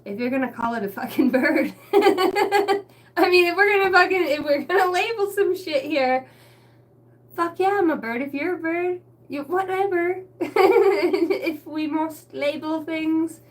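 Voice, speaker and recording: A woman rambling casually to camera from a basement, laughing often and swearing as she tells stories. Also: very high voice. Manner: laughing, profane, storytelling with quick asides. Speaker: spiritual reader and vlogger. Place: basement room lit by a ring light.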